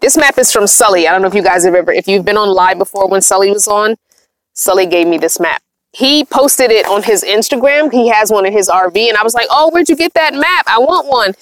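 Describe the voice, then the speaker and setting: A woman's voice: mid-range voice, brisk, slight background noise. A woman vlogger who lives in a van, chatting casually on a livestream, reading comments aloud and laughing often. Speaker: van-dwelling vlogger reading live chat. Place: inside her van.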